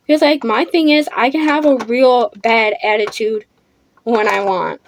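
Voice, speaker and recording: A teenage girl with a high voice tells a storytime vlog in front of a ring-lit camera. She talks bluntly and defiantly and swears freely, doing her makeup as she goes. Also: moderate pace, a little hiss or hum. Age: teens. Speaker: vlogger. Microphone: camera under a ring light.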